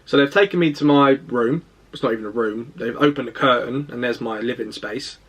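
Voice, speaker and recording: Young man, mid-pitched voice, casual rambling storytelling, self-deprecating. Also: fairly quick, breathy edge. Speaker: fitness vlogger.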